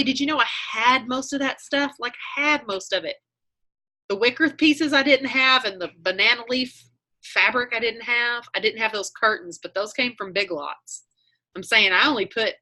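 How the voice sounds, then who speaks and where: Woman, bright tense voice, casual video-call chat, meandering, restarts sentences. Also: on the high side, normal speed. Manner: chatty, meandering, self-correcting. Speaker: online group leader.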